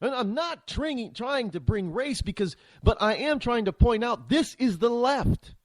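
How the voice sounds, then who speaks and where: Male talk host, fired-up opinion monologue, high animated voice, dry close sound. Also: unhurried, no room sound. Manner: heated, opinionated, rambling with frequent restarts. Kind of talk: political commentary monologue.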